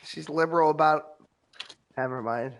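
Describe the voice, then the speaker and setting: Profane blunt man, high-pitched. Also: normal speed, creaky. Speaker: podcast co-host. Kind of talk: casual chat while gaming.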